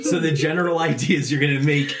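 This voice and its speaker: A man's voice: fairly high pitch, quick pace, vocal fry, a crowd in the background. A man who laughs easily, acting as game master in a casual tabletop game session.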